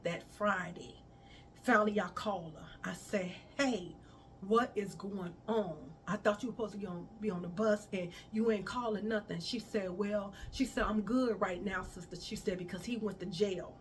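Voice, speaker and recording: A woman's voice: medium pitch, fairly even intonation, normal speed, a bit bright, far from the mic, a little hiss or hum. A woman telling a personal story to her viewers, talking casually and acting out the dialogue of the people in it. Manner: conversational, addresses viewers as y'all, quotes others in dialogue. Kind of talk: emotional storytime vlog.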